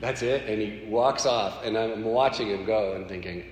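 A man sharing a personal faith story in an animated, conversational way. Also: lowish voice, moderate pace, soft background music. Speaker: speaker sharing a personal testimony. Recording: echoey hall with faint background noise.

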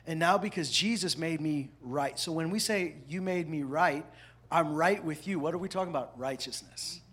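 A man preaching with a fairly high, husky voice. He swings between loud, punchy lines and hushed, almost whispered asides, keeping the sermon lively and conversational. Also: normal speed. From parents from the American South. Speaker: pastor.

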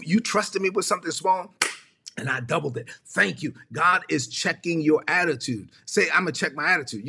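A man's voice: on the high side, pushed and bright, husky. A man preaching a livestreamed sermon, emphatic and repetitive, often acting out little dialogues. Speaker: pastor.

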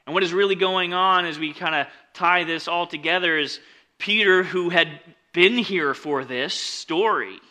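Bright-toned casual preacher man. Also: unhurried. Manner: conversational, with frequent "like" and "right?" asides; swings between loud emphatic reading and quiet lowered asides. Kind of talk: casual sermon, reading and explaining scripture.

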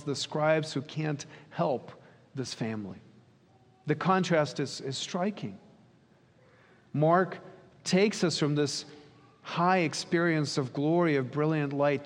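A man preaching a sermon in an earnest, questioning way, sometimes acting out quoted dialogue. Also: on the high side. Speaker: pastor. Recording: long reverb of a hall.

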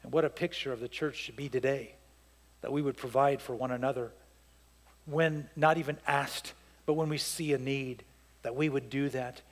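A man's voice: medium pitch, steady tone, normal speed, long reverb tail. A man preaching a sermon as pastor, telling a story and acting out the voices of the people in it with emphasis.

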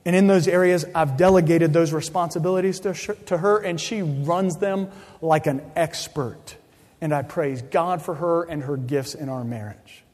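A middle-aged man preaching a sermon as pastor, speaking deliberately and emphatically and repeating his key points. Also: on the high side, a little mellow. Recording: long reverb of a large hall.

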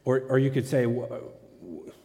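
Male preacher, relaxed and conversational, asks the room questions, mellow tone. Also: medium pitch, slow pace, slight background noise. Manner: casual, asks the audience questions. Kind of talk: conversational sermon. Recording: long hall reverb.

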